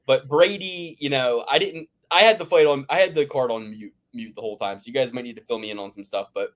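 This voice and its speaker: A man's voice: mid-range voice, fast talker, fairly bright tone. A man from the Philadelphia area hosting a casual sports betting chat, ranting and swearing with lots of restarts. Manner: ranting, profane, rambling with restarts. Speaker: podcast host.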